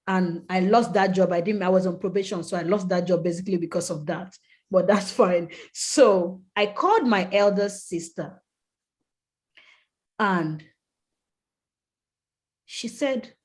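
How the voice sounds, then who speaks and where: A woman's voice: mid-range voice, a little mellow. A woman guest on a podcast, telling an earnest, emotional personal story with vivid detail and acting out the people she quotes. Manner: acts out quoted people in a raised voice. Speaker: podcast guest, skincare brand founder.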